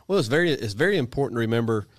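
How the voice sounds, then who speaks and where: Male sidekick with wry humor and a lively, swinging voice, recorded dry. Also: mid-range voice, rapid-fire, no room sound. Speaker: radio show co-host. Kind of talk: casual sports chat.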